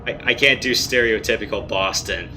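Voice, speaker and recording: A man's voice: fairly low pitch, moderate pace. A man co-hosting a livestream, chatting casually about a game in a rambling way. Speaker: livestream co-host. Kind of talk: casual chat while playing a game. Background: game music.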